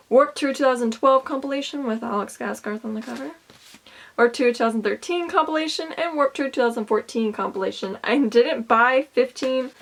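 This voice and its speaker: A young woman chatting casually in a show-and-tell vlog, listing things with bursts of excitement. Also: on the high side. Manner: chatty, enthusiastic, lists items with bursts of excitement. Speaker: vlogger.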